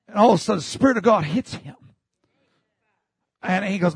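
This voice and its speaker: A man preaching a sermon in a church, fervently, breaking into shouts and calling for the congregation to answer him. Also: high voice, lively intonation, normal speed, pauses often, breathy edge, no room sound. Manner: fervent preaching, bursts into shouts, call-and-response. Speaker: pastor.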